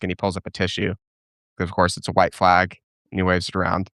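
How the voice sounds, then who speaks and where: A man's voice: deep voice, normal speed, long pauses, a bit bright, dry recording, studio quality. A young man hosting a live question-and-answer stream, giving opinionated answers as he thinks aloud, with restarts and fillers. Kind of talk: casual live-stream commentary.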